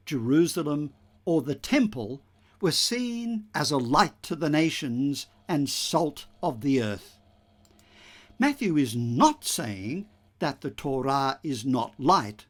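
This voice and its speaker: A man preaching a homily at an unhurried, deliberate pace. His voice sits a little high and rises and falls expressively as he explains, with measured teaching emphasis. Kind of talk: scripted homily.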